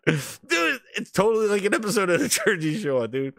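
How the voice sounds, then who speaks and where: An excitable man hosting a gaming livestream, ranting in a profane, laughing style. His voice sits high and swings widely in pitch. The sound is dry and close to the mic. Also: measured pace, vocal fry, dry recording. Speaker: gaming news streamer. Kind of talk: casual livestream rant.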